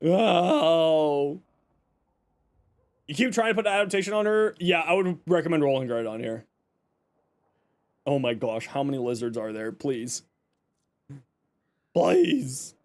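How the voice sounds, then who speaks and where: A man's voice: a little high, animated, unhurried, long pauses, darkish tone. A man from Canada live-streaming, chatting with viewers and reacting with joking exasperation. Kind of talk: casual live-stream chat.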